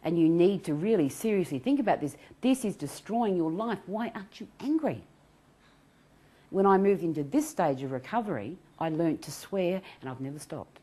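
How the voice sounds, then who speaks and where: A middle-aged woman giving an animated self-help talk on anxiety recovery. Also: fairly low pitch, moderate pace. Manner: animated, acts out quoted voices, laughs often.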